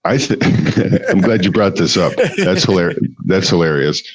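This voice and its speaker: A man's voice: low voice, big pitch swings, measured pace, no room sound. A man from the Upper Midwest, chatting casually on a podcast in a laid-back way, with lots of easy yeps and mm-hmms. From Upper Midwest US near the Canadian border. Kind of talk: casual chat.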